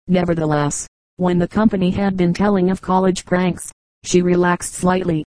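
A woman reading a book of humorous anecdotes aloud as an audiobook narrator, in a measured, even storytelling delivery. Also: on the low side, no echo, low-quality recording. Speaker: audiobook reader. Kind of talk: scripted narration.

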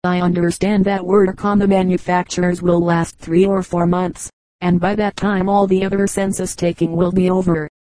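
A woman reading the part of an eager young male census agent in an audiobook, keen and quick to agree. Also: on the low side, level tone, dark tone, no room sound, close to an everyday voice, poor audio.

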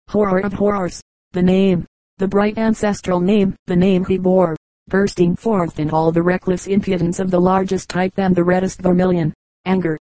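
A woman reading a comic story aloud as an audiobook, moving briskly through the narration and slipping into the characters' lines. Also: lowish voice, dark tone, no room sound, rough recording. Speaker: audiobook reader.

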